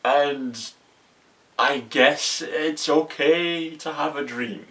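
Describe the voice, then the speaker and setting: A man's voice: a little high, extremely slow, a bit bright. Profane rambling man reviewing a movie. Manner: profane, exasperated, rambling with restarts. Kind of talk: casual ranting movie review. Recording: voice a bit far from the mic.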